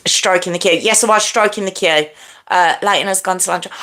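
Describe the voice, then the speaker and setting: A woman's voice: on the low side, brisk, bright, forceful tone. A woman hosting a live stream, chatting casually with viewers and greeting them by name. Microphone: earpiece in.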